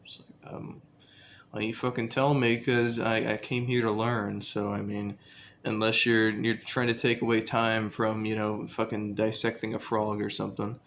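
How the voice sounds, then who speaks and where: A man's voice: fairly low pitch, little pitch movement, moderate pace, fairly bright tone, slight background noise. A young man casually telling a story about his school days, rambling and profane, with lots of fillers.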